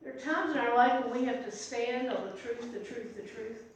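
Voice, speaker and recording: A woman's voice: on the high side, moderate pace. A middle-aged woman pastor leading an informal Bible study, talking conversationally with asides, recorded from a distance in a church meeting room. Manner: conversational, chatty with asides and restarts. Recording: echoey room from far off.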